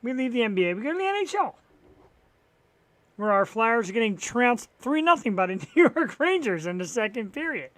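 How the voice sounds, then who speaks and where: A man with a notably high speaking voice hosts a live talk stream alone, chatting loosely to fill the time. He drifts between topics with dry sarcasm and casual swearing. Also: fairly bright tone, no echo. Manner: rambling, profane and wry, sarcastic about sports. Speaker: talk show host. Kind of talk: solo live-stream chat filling time.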